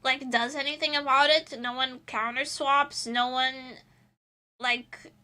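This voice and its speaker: Girl streamer rambling while she draws, super bright sharp voice, kinda slow, giggles a lot. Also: high-pitched, steady tone, clear, resonant tone. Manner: rambling, laughs often between thoughts. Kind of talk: casual chat while drawing on stream.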